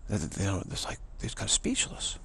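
A man with a deep, very gravelly voice holds forth in a loose, rambling spiritual talk. He circles back over the same phrases, stumbles through restarts, and now and then flips into shrill mocking voices to quote people. A faint hiss sits under the recording. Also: wildly swooping pitch, fairly quick, bright, forceful tone. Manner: repetitive, stammering restarts. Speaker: spiritual teacher.

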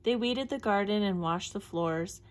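A woman reading a children's picture book aloud in a clear, measured storytelling voice. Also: mid-range voice. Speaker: storybook reader.

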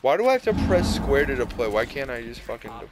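A young man chatting casually over a headset while playing an online shooter, excitable, swearing and trash-talking. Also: medium pitch, fast, very noisy. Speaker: gamer. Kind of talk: casual gaming chat.

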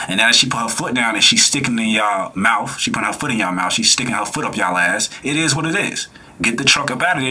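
Blunt young man reacting, bright voice. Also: mid-range voice, a little hiss or hum. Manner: blunt, emphatic, repeats his point. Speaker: reaction streamer. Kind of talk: casual reaction commentary.

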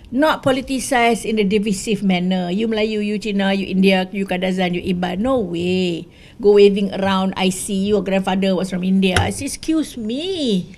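An older Malaysian woman with a Malaysian English accent, a former MP giving an animated business school talk, mixing English with Malay. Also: medium pitch, normal speed. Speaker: guest speaker, former MP. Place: studio.

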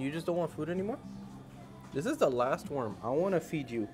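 A man vlogging in an indoor animal cafe, talking into a handheld phone and coaxing the animals in an excited, playful voice. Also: fairly high pitch, brisk, soft background music. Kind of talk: casual vlog talk. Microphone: handheld phone camera.

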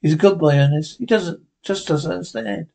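A man reading the part of an elderly mother, soft-spoken and defensive of her son. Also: fairly high pitch, brisk, vocal fry. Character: elderly fearful mother, fragile and devoted.

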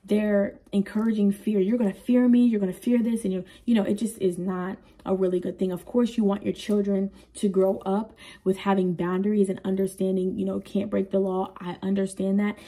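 Husky earnest woman parenting vlogger. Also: mid-range voice, flat delivery, moderate pace, hardly any pauses, mellow. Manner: earnest, rambling, with frequent "you know" asides. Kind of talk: candid personal talk to camera.

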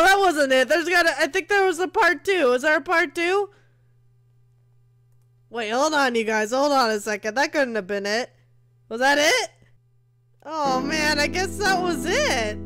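A woman hosting a let's play of a horror game, excitable and often screaming and gasping in fright. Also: sits high, measured pace, long pauses. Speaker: gaming video host.

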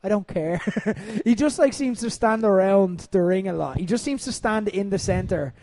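High-voiced Irish man hosting a podcast. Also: normal speed. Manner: animated storyteller, swears freely, laughs often. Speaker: wrestling podcast host. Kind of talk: casual comedic podcast talk.

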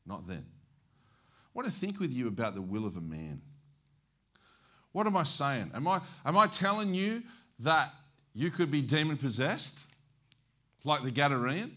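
A man with an Australian accent preaching as an evangelist, telling stories in a lively way and acting out the dialogue. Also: medium pitch, measured pace, pauses often. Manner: animated, acts out dialogue. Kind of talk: storytelling sermon.

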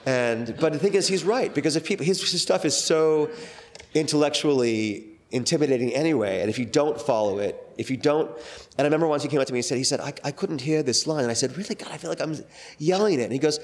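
A man's voice: fairly high pitch, fast. A middle-aged man, a guest actor, talking casually in an interview, rambling with many fillers and restarts.

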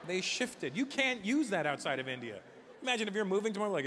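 A man from North America doing animated, sarcastic stand-up comedy on a comedy stage. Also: sits high, brisk, in a large hall. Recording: noisy live stage recording.

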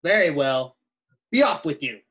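A man's voice: a little high, sing-song, moderate pace, fairly bright tone. A man voicing a mean, ugly male troll who threatens to gobble up the goats in a storybook reading. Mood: threatening.

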